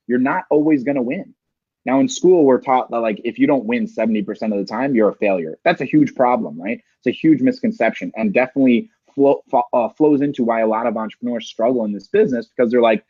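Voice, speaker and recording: A man's voice: medium pitch, darkish tone, husky, no room sound. A man in an interview, giving motivational sales advice and often ending points with "right?". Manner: emphatic, rhetorical "right?" tags. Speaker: sales coach, interview guest. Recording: dry, muffled lo-fi sound.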